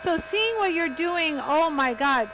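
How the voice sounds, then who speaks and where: High, excitable woman hosting a live demo. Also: measured pace, background noise. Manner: chatty, excitable, talks straight to viewers. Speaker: host of a live lapidary demo. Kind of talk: live product demonstration.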